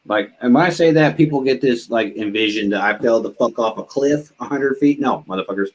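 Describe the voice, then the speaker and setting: A man with a mid-pitched, ordinary voice hosts a casual podcast chat. He jokes around, swears freely, and moves the talk along between stories. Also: a little fast. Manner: joking, profane banter. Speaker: podcast host and veteran.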